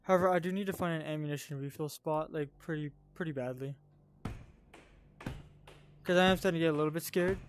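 A high-voiced man talks through a VR survival game as a casual gameplay commentator. He is excitable, often shouting at enemies and then muttering quietly to himself. A faint hiss sits under his voice. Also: fairly quick, pauses often. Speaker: gaming channel host.

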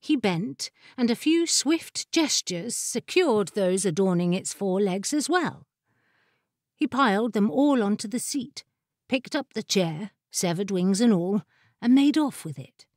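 Slow, measured woman narrating. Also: medium pitch, expressive, a little mellow, dry recording, clean studio sound. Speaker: audiobook narrator. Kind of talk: scripted storytelling narration.

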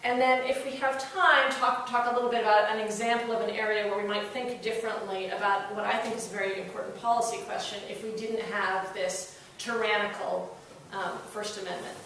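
A woman's voice: medium pitch, steady tone, a little fast, fairly bright tone. A woman law professor giving a public lecture, telling a story in a conversational, wry way, with fillers and restarts. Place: lecture hall. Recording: very echoey room, voice heard from a distance, faint noise.

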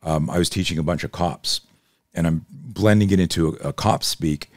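A man's voice: sits low, normal speed, no echo, clean studio sound. A man guesting on a podcast as a self-defense instructor, telling stories in an intense, emphatic way and swearing freely. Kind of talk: animated storytelling in casual conversation.

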